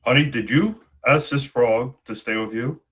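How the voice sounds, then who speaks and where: A man's voice: mid-range voice, moderate pace, fairly bright tone, natural voice. A man doing a curt, stern king. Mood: questioning.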